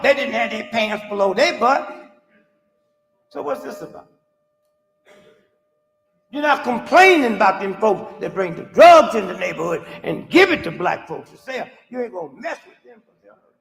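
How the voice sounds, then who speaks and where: A man in his sixties performing a stand-up comedy monologue, animated and preachy, baiting the crowd with rhetorical asides. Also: extremely high pitch, creaky. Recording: live hall recording, reverberant, music behind.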